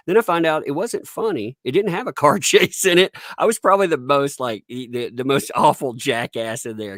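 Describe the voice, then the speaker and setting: A man's voice: medium pitch, expressive, brisk, few pauses, fairly bright tone, no room sound. A man hosting a casual podcast, telling his own story in a laid-back way and often breaking into laughter. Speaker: podcast host.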